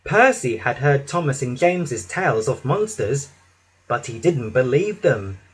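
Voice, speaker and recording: A man narrating a children's storybook with an expressive, dramatic reading. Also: medium pitch, measured pace, husky.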